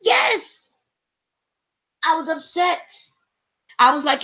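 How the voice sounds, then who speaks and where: A woman hosting a live stream, telling a story to her chat in an animated, profane way and laughing often. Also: high-pitched, unhurried.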